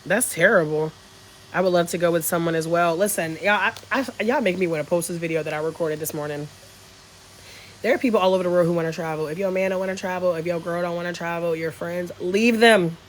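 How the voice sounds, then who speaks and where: A woman's voice: fairly low pitch, steady tone, fast talker, a little hiss or hum, poor audio. A woman, chatting frankly on a phone livestream from a resort, reading comments, swearing and laughing freely. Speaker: travel vlogger on a livestream. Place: resort in Bali, outdoors.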